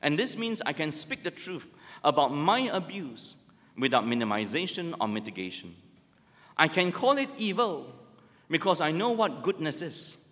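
A man preaches a sermon in a fairly bright voice at normal speed, his pitch swinging widely with rises and drops. He's emphatic and full of rhetorical questions, and the recording carries a long hall reverb.

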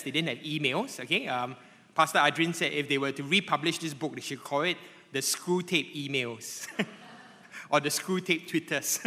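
A pastor with a slightly high voice preaches a sermon to a congregation in an animated, conversational way, frequently checking in with tag questions like "right?" and "okay?". The recording has long hall reverb.

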